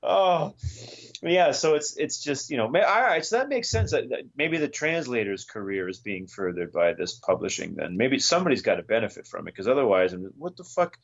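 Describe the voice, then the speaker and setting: A man's voice: medium pitch, brisk, gravelly. Man, podcast co-host, casual profane rant, muffled recording. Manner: profane, ranting, animated retelling. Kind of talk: casual chat.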